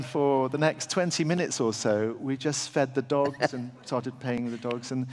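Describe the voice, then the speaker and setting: On stage at a large festival venue, a middle-aged English surgeon tells an audience a live anecdote. He's halting and self-deprecating, full of fillers and restarts, and his mid-pitched voice carries the long reverb of a big hall.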